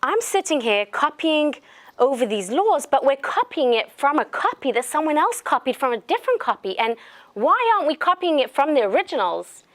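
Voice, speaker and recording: A woman telling a story plays an earnest young male monk, puzzled and questioning. The voice sits a little higher than her own and rises with each question. It is light and told in a story. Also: sing-song, normal speed.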